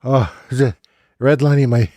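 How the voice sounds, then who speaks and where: A man hosting a comedy podcast, rambling in a self-mocking, excitable way and laughing often. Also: medium pitch, moderate pace, no room sound, studio quality.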